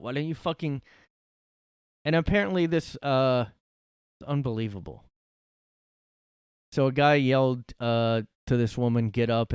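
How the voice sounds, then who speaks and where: A man's voice: mid-range voice, a little mellow, clean tone, no room sound, clean studio sound. A young man hosting a casual solo podcast from his room, rambling sarcastically and swearing often. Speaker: podcast host.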